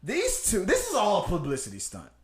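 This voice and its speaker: A man hosting a casual podcast from a studio, talking in an animated, rambling way with frequent restarts. His voice sits a little high for a man, and the room gives it a noticeable echo. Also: fairly quick, a crowd in the background. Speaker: podcast host.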